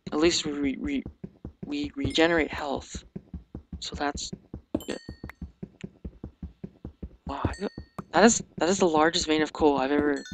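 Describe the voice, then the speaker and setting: Mumbly teen guy commentating a game, gravelly and a bit high, noisy home mic, hesitant delivery. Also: a bit bright. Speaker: let's play commentator. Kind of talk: casual gameplay commentary. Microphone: sensitive desk microphone.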